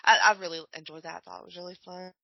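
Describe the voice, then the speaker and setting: A woman's voice: lowish voice, fairly even intonation, racing, creaky, dry recording. A woman co-hosting a casual podcast chat, recounting things with frequent laughs. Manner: laughs often while recounting. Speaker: podcast co-host. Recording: dull dry lo-fi audio.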